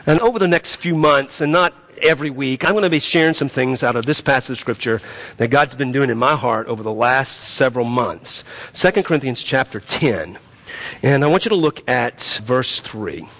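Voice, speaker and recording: A pastor preaching a sermon, swinging between loud emphatic peaks and quieter asides. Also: male voice, medium pitch, expressive, moderate pace.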